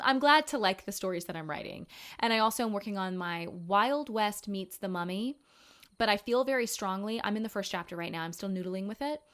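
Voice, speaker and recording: A woman in her twenties hosting a casual podcast, talking frankly and profanely, rambling with quick asides and self-corrections. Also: medium pitch. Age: 20s. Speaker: podcast host. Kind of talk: casual chat.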